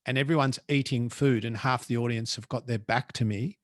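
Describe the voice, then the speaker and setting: An Australian man speaking at a mid-range pitch, telling a story with blunt, colloquial energy. He is a professional speaker chatting as a guest. The sound is dry and close. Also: steady tone, brisk, dry recording. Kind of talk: casual storytelling.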